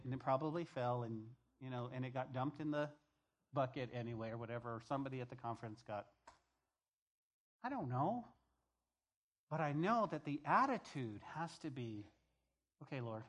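A man's voice: mid-range voice, expressive, a little fast. A middle-aged male pastor preaching a conversational sermon, repeating key phrases and telling stories from the pulpit.

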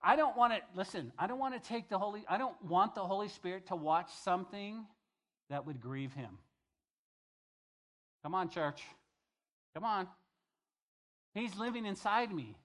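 Pastor guy giving a sermon, lively, does voices for the people he quotes, kinda higher pitched. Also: moderate pace, long pauses. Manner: animated, acts out quoted voices.

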